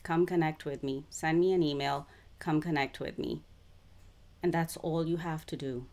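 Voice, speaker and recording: A woman who calls herself a psychic channeler, talking to camera in a spiritual monologue, with slow, deliberate phrasing that keeps circling back to the same words. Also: deep voice, fairly even intonation, darkish tone. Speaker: self-described psychic channeler.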